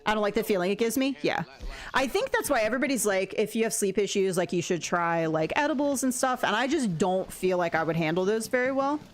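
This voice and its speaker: A woman's voice: medium pitch, lively intonation, fast talker, soft background music. A woman streaming a game, chatting casually with her viewers in a rambling way and laughing often. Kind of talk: casual gameplay stream chat.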